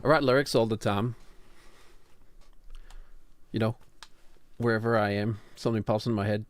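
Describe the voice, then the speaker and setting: A man's voice: lowish voice, steady tone, moderate pace. A middle-aged man streaming live, chatting casually and rambling to himself as he works on a song, with some mild swearing. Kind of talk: casual live-stream chat while songwriting.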